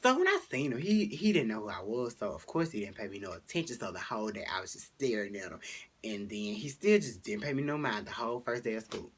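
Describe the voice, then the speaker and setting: A teenage boy vlogger chatting through a storytime, rambling with fillers, jumping high for quoted lines and dropping to whispers. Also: lively intonation, fast talker, breathy edge. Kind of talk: casual storytime vlog.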